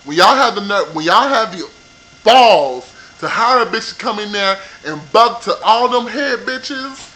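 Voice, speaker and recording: A man with a high, bright voice rants about television, sassy and heavy with profanity. He talks straight into a computer mic in a loose, animated monologue. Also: measured pace, rough recording. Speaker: vlogger reviewing a reality show. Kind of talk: casual ranting review.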